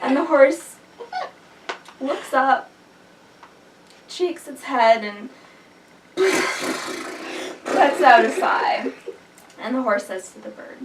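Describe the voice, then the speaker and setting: A woman taking her turn in an improvised group story, playful and halting with frequent ums. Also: high voice, animated, very noisy. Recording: roomy, mic far off.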